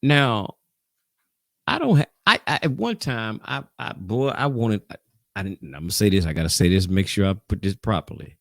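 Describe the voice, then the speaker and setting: A low-voiced man leads a casual Sabbath Bible class, his pitch rising and falling freely as he presses his points. He talks loosely, restarting sentences as he goes. The sound is close and dry, with no room around it. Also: lively intonation, moderate pace, gravelly, dry recording.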